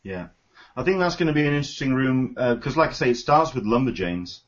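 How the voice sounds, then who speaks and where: A man's voice: mid-range voice, sing-song, fast. A man hosting a podcast, chatting enthusiastically and rambling with lots of fillers. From United Kingdom. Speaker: podcast host. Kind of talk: casual chat. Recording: dull lo-fi recording.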